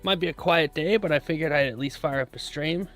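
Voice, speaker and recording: A man's voice: a little high, fairly quick, a bit bright, faint music behind. A man hosting a trading live stream, chatting casually and easily with his viewers while checking charts. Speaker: livestream host, futures trader.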